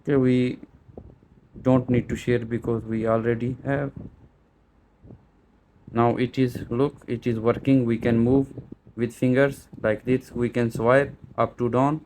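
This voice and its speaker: A warm-toned tech tutorial presenter in a small store takes viewers through a camera setup step by step, hesitant and full of fillers and restarts. He speaks at medium pitch in a level, unhurried way, pausing often, with slight background noise.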